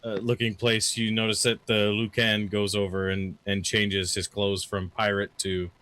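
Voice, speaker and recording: A man runs a tabletop game as dungeon master. His voice sits on the low side, and he describes each scene loosely, pausing often to search for words. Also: flat delivery, fairly bright tone, no room sound. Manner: loose, halting description with fillers.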